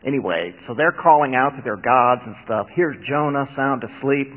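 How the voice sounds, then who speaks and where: A man's voice: mid-range voice, moderate pace. A man preaching a sermon in a conversational way, with wry asides. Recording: dull, echoey hall recording.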